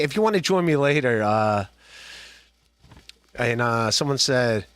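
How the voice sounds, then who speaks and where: A man hosts a livestreamed podcast in a loose, rambling way, cracking jokes and restarting his sentences. His voice sits at an ordinary middle pitch. The sound is dry and close, with no room around it. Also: expressive, unhurried, long pauses, a bit bright, smooth, no room sound. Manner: rambling, joking, lots of restarts and laughs. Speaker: podcast host. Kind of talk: casual livestream commentary.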